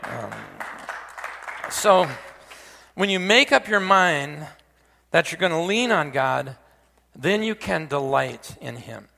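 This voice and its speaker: Gravelly bright-voiced preacher in a hall. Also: male voice, fairly high pitch, lively intonation, takes it slowly, pauses often, a faint crowd. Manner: folksy, joking asides, frequent restarts. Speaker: pastor. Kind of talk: sermon.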